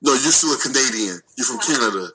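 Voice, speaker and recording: A man hosting a radio talk show, arguing in animated, repetitive casual chat and acting out little back-and-forth exchanges. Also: medium pitch, a crowd in the background, poor audio. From United States. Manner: animated, repeats words, acts out quick dialogues.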